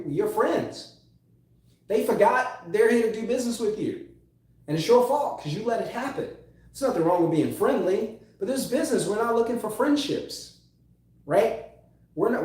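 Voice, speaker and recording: A male sales coach delivers an emphatic, repetitive lesson in a mellow, fairly high voice. His words ring out in a very echoey room. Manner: emphatic, repeats key phrases, drawls words for stress.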